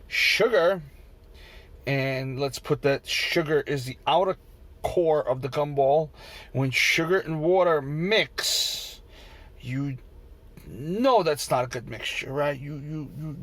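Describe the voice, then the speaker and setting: A vending machine operator venting in a frustrated, profane, repetitive rant for his vlog, talking from inside a vehicle. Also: on the high side. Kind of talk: ranting vlog.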